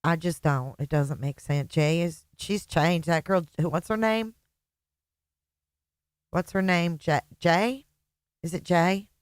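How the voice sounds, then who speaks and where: A woman hosts a livestream, reading out and thanking viewers in a casual, mocking tone. Her voice sits a little low and she laughs often. The sound is dry and close. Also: slow, long pauses, no room sound. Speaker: livestream host.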